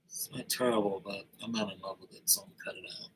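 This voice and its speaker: A man's voice: lowish voice, steady tone, quick pace, noisy background. A man making a track and thinking aloud as he works, casual and self-critical, with slang. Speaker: music producer. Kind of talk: casual tutorial commentary. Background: music playing.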